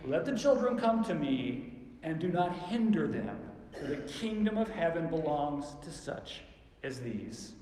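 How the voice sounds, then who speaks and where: A booming, emphatic Jesus calls out to stop his followers, as a preacher acts him out. The voice pitches a touch high and rings through a long, echoey church hall with a soft hum of room sound behind. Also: animated, measured pace. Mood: exclaiming. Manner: loud, emphatic calling out. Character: Jesus, adult man, calling out sharply to disciples.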